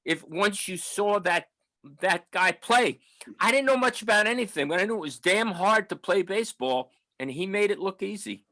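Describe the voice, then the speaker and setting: A man's voice: high-pitched, lively intonation, normal speed, pushed and bright, no echo, low-quality recording. Older New man reminiscing. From New York, the Bronx. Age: 70s. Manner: rambling, nostalgic, with restarts and fillers. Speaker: audience member at a book talk. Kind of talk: casual storytelling.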